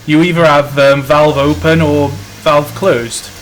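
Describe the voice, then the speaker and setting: A man with a somewhat high voice chats casually over a live stream while playing, joking and thinking aloud with plenty of fillers. A steady noise floor hums behind him throughout. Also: measured pace. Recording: noisy stream audio.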